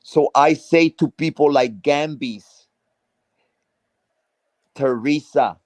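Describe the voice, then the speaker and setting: A man's voice: a little high, slow, darkish tone, dry recording. A man from South Texas, ranting on a live stream with heavy profanity, restarting phrases and hammering each point. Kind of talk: heated casual rant.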